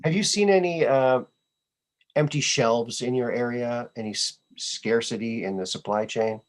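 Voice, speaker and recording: Relaxed host trading old one-liners. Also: male voice, mid-range voice, moderate pace. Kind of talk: casual chat.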